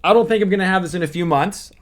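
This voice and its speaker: A man's voice: high-pitched, rapid-fire. A man speaking as a manifesting coach, explaining step by step in an earnest teaching monologue with repeated emphasis.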